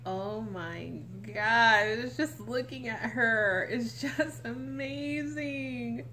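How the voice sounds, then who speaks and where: A woman gushing emotionally as she unboxes a reborn doll, close to tears with excitement. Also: on the high side, very slow, a little hiss or hum. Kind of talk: unboxing vlog.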